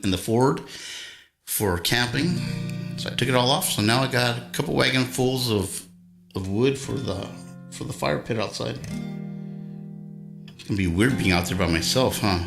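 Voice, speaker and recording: Older male streamer, gravelly folksy storyteller, echoey room with guitar behind. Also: fairly low pitch, normal speed. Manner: folksy storyteller, rambling anecdotes. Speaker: livestream host and guitarist. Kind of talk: casual livestream chat.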